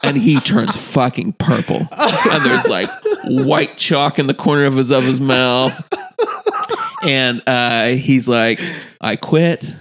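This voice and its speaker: A man's voice: mid-range voice, lively intonation, takes it slowly. A man telling a long profane story in casual chat, acting out the people he quotes. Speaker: podcast guest telling a story.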